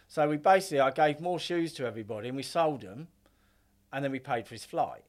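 A man's voice: fairly high pitch, fairly quick. A middle-aged man telling stories as a podcast guest, rambling with lots of filler words and casual swearing. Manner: rambling, heavy filler use, swears freely. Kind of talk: casual storytelling chat.

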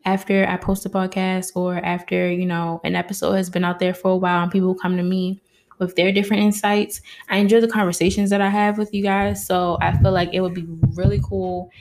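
A woman hosts her podcast with a slightly low voice, speaking close to a mic. She talks in a warm, heartfelt, casual way, calling her listeners y'all. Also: flat delivery, brisk, a little hiss or hum. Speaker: podcast host. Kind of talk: casual solo podcast talk.

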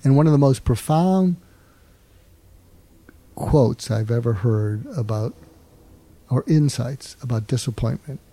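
An older man, a psychiatrist and author, explaining advice in an interview in an earnest way, often restarting and filling pauses with "uh". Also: medium pitch, dark tone. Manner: earnest, fills pauses with "uh", restarts and repeats words.

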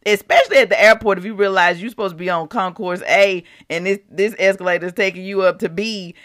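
Woman, devotional podcast host; bright, forward tone, dry room, conversational. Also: mid-range voice, steady tone, quick pace, dry recording. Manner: chatty, asks the listeners rhetorical questions. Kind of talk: casual devotional talk.

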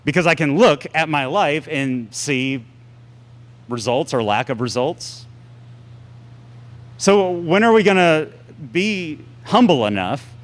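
A man preaching a sermon to a congregation, animated and sarcastic, with big swings in pitch. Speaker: pastor.

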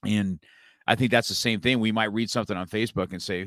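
A man's voice: fairly low pitch, steady tone, fast, fairly bright tone, no room sound, studio quality. A male podcast host in casual chat, joking, laughing often and tacking "right?" and "man" onto his lines.

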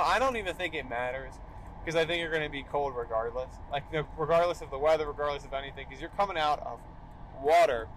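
A man's voice: fairly high pitch, a bit bright, slight background noise, poor audio. A young man hosting a solo podcast, talking emphatically and tagging "all right" onto his points. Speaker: podcast host.

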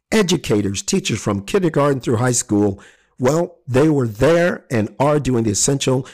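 A man's voice: lowish voice, a little mellow. A man giving a solo spoken commentary in a conversational way, with asides and small self-corrections.

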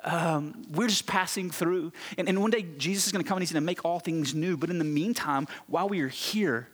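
A man preaching a sermon as a pastor, telling a story in an animated, self-mocking way with quick restarts. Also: fairly high pitch, slightly rough, big-room sound. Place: church sanctuary.

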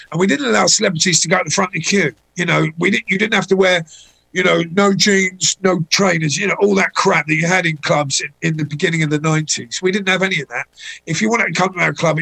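Gravelly-voiced middle-aged man telling stories. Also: sits high, low-quality recording. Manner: anecdotal, animated when voicing people in stories. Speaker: guest. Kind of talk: casual storytelling chat.

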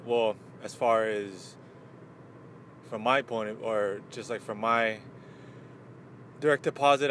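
Rambling podcast host, a little winded. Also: male voice, medium pitch, a little hiss or hum. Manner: loose and rambling, lots of fillers. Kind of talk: casual morning chat.

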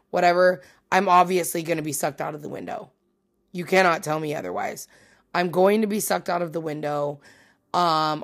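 A woman hosting a casual solo podcast from home, rambling and swearing as she mocks herself. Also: on the low side. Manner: rambling, profane, self-mocking. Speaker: podcast host.

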